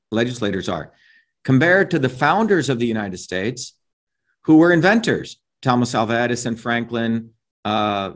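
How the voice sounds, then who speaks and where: A middle-aged man giving an interview as a guest, talking in an emphatic, lecturing way and often checking in with "right?" and "you see?". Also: medium pitch. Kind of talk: animated opinionated interview talk.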